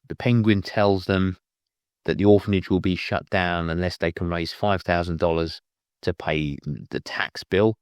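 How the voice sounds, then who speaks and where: A man's voice: low-pitched, dry recording, studio quality. A man reviewing a film, retelling the plot in a rambling, casual way with many restarts.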